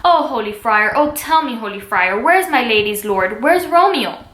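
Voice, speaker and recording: A woman's voice: on the high side, lively intonation, normal speed, a bit bright. A woman reading the part of a blunt, fussy middle-aged nurse in a pleading read-aloud voice. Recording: echoey room.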